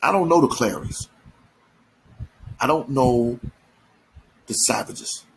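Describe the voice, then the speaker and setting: A man's voice: medium pitch, slow pace, gravelly, a little hiss or hum, poor audio. A man giving an emphatic, slangy commentary monologue, full of repeats and restarts. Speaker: commentary channel host.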